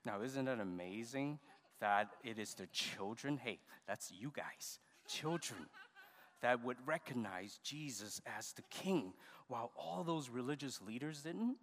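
A man pastor leading a children's service, giving animated, coaxing instructions to the kids. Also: mid-range voice, a little slow. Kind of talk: children's sermon with puppet skit. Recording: reverberant church hall.

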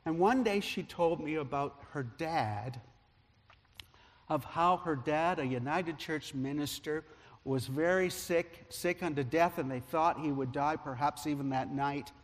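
Pastor guy preaching, bit higher voice, tells stories with lots of ups and downs in loudness, big echoey church. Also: measured pace. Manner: animated storyteller, loudness rising and falling with the story. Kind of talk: sermon storytelling. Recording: long reverb of a large hall.

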